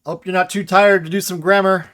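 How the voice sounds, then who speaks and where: A man teaches grammar over a casual livestream, with a voice pitched a little higher than most men's. He explains in a loose, conversational way, reading out chat questions and often checking in with the audience. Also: level tone, fairly quick, a bit bright. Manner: casual explanatory, reads chat questions aloud, frequent "right?". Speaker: grammar lecturer. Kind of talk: livestreamed lecture with chat replies.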